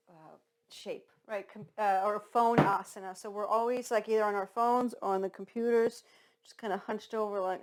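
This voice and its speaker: A woman yoga instructor guiding a class in a chatty, casual and encouraging way, in a home yoga studio. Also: on the high side. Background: loud background music.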